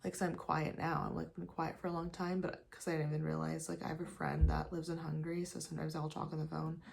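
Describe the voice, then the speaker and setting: Her voice is low with vocal fry as this young lifestyle vlogger chats casually while putting on makeup in her apartment. She's animated, speaks fast and loose with lots of "like" and "you guys," and occasionally drops to a whisper for a get-ready-with-me video.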